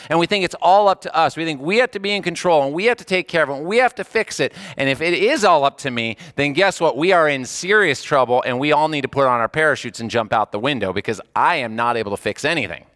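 A man preaching a conversational sermon, moving between animated bursts and quiet, hushed passages. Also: a little high, quick pace, hardly any pauses, no room sound, studio quality. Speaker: pastor.

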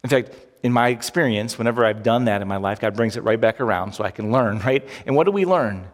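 A man preaching a sermon as pastor, animated and emphatic, with many rhetorical questions. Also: medium pitch, fast talker. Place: church sanctuary. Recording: long hall reverb.

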